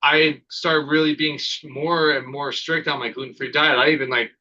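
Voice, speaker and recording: Podcast host, male, bright forceful voice, loose filler-heavy chat, slightly dull lo-fi recording. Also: on the high side, steady tone, normal speed. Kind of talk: casual chat.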